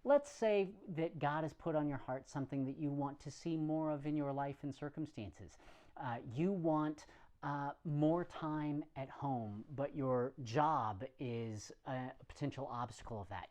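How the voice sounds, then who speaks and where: A man preaching a conversational sermon in a relaxed, plain-spoken way, with some self-deprecating humor. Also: a little high, unhurried.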